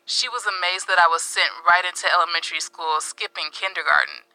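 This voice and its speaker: A narrator voicing a woman recalling her childhood in first person, told in an earnest, even storytelling read. The tone is strikingly bright and sharp. The studio sound is bone-dry. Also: mid-range voice, a little fast, smooth, no echo, rough recording.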